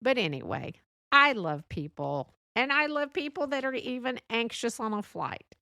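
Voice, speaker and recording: A woman's voice: fairly high pitch, lively intonation, moderate pace, vocal fry, pushed and bright, no echo, studio quality. A woman hosting a casual solo podcast, chatty and laughing often, with frequent restarts. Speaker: podcast host.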